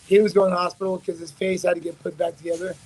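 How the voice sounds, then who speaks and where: High-voiced man telling a rambling story. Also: level tone, very fast, a little mellow, husky, low-quality recording. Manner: rambling, profane, frequent restarts. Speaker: interview guest, fighter. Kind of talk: casual storytelling.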